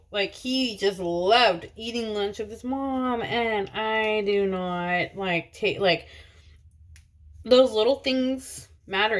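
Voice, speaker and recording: A woman's voice: mid-range voice, a bit bright. A woman in her thirties, a mother of two, chatting casually to camera in a rambling way with lots of fillers and restarts. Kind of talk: casual personal vlog chat. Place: in a car, driver's seat.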